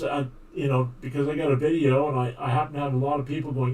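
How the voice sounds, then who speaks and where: A man's voice: fairly high pitch, a little fast, a little mellow. A man streaming a survival game, rambling casually to his viewers. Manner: rambling, talks to viewers as "guys". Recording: distant mic with faint noise.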